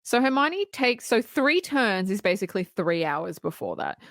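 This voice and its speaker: A woman co-hosting a podcast, recapping a film's plot in steady, casual storytelling. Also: mid-range voice, moderate pace, no room sound, clean studio sound. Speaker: podcast co-host.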